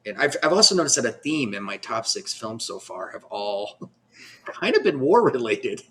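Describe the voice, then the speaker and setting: A man co-hosting a casual podcast, talking haltingly with lots of stops and restarts. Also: mid-range voice, sing-song, a bit bright. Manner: halting, many fillers and restarts. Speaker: podcast co-host.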